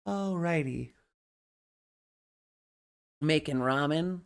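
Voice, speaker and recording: A woman's voice: extremely low pitch, lively intonation, measured pace. A woman live streamer chatting casually and playfully to her audience. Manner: playful, chatty, reacts aloud.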